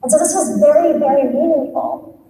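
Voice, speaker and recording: A young woman tells a story to a large audience in a high, animated voice, acting out the voices of people in it. She sounds far from the mic, with a long echo ringing through a big hall. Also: normal speed, background noise. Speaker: conference speaker. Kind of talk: storytelling talk on stage.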